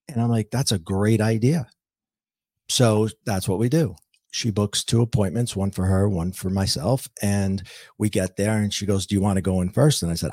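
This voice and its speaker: A middle-aged man speaks in a lowish voice as a podcast guest, earnestly recounting his own story. He acts out what he once said, and his voice sounds dry and close, with no room echo. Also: normal speed, darkish tone, breathy edge. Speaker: guest, intuitive and author. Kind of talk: personal storytelling in a podcast interview.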